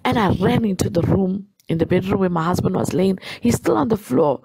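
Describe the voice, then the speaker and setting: A woman's voice: medium pitch, brisk, vocal fry, mellow, breathy edge, rough recording. A woman telling her personal faith testimony in an earnest way, repeating herself for emphasis. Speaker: guest sharing a testimony.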